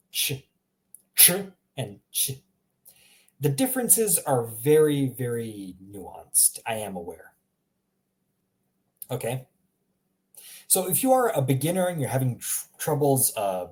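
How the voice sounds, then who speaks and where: Lively, chatty man teaching pronunciation. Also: medium pitch. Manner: chatty, self-aware explaining with little laughs; demonstrates sounds slowly and repeats them. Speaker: language teacher. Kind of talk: casual spoken lesson.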